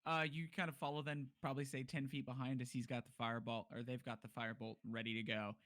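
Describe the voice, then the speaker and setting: A man's voice: mid-range voice, level tone, quick pace, fairly bright tone, no room sound. A man running a tabletop game as game master, narrating in a laid-back way with many fillers.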